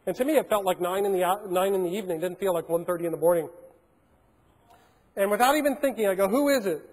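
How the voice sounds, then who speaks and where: A man's voice: high voice, fast talker, darkish tone. A man giving a keynote talk, telling a story and acting out the dialogue in a large conference hall. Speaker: keynote speaker.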